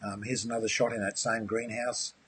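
A man's voice: fairly low pitch, flat delivery, brisk, a bit bright, slight background noise. A man presenting a live aquaponics webinar, friendly and enthusiastic, answering viewers' questions and calling them mate. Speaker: aquaponics course instructor.

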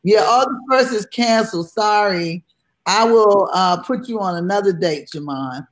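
A woman's voice: medium pitch, animated, normal speed. Brash woman hosting a comedy chat. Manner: brash, profane, running the show. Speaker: host.

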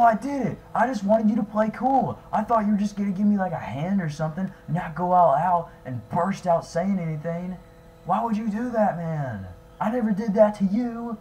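Young man, fan game drama, excitable, shouts then mumbles nervously, slightly high voice, faint game music. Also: poor audio. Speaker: YouTuber voicing his own game character. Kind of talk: improvised fan machinima dialogue.

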